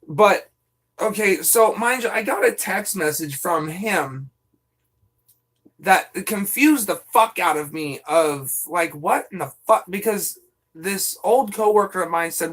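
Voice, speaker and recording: A man's voice: sits high, measured pace, a bit bright. A young man streaming live, chatting casually and venting with lots of swearing and rambling asides.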